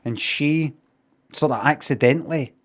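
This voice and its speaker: A man's voice: a little high, a little slow. A man with a Scottish accent giving a casual, rambling review on a live stream, sweary and wry.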